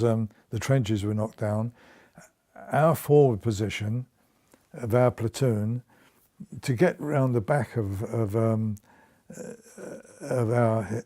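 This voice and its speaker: A mellow, medium-pitched male voice belongs to an elderly veteran recounting his service in an oral history interview. He tells his stories with chuckles and keeps restarting his sentences.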